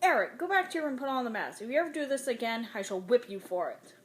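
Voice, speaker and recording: A woman reader voicing a harsh, tormented mother who snaps and shouts in a clipped, cold manner. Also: on the high side, animated, quick pace, voice pushed up, close to an everyday voice. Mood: furious. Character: harsh, tormented mother losing her temper.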